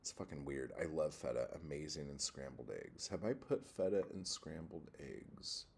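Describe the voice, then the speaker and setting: A man's voice: rumbling low, animated, moderate pace, creaky, darkish tone, a little hiss or hum. A man hosting a casual livestream, reading chat and rambling, profane and easily worked up.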